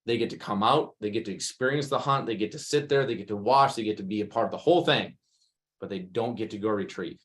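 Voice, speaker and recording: Male dog trainer, animated explainer, quick bursts of acted-out scenes. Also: on the low side. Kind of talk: masterclass Q&A answer.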